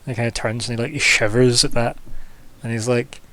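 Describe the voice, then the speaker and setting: A man narrating as game master of a tabletop game, talking haltingly and restarting often. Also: mid-range voice, fairly even intonation, pushed and bright.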